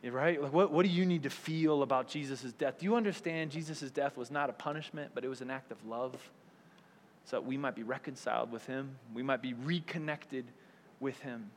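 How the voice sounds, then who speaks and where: Chatty preacher in a reverberant hall. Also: male voice, mid-range voice, a little fast, slight background noise. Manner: chatty, keeps asking "right?", acts out quoted voices. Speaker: pastor. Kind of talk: conversational sermon.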